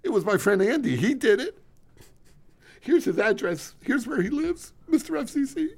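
A man's voice: big pitch swings, moderate pace, exaggerated voice. A man putting on a whiny, frightened voice of a man begging an official for mercy, as a mocking impression on radio. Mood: pleading. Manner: pleading, high-pitched, rising squeaks.

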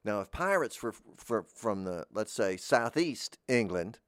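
A middle-aged man with a Southern American accent rambles through a comic monologue in a deadpan, wandering way. His voice sits low, and the sound is dry and close, with no room around it. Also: unhurried, no room sound. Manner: deadpan, meandering, drifts into goofy voices. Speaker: podcast host.

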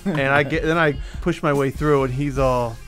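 A man's voice: medium pitch, normal speed, faint music behind. A man hosting a casual podcast chat, telling a long story and acting out the other people's voices. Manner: animated, acts out voices in his stories. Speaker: podcast host.

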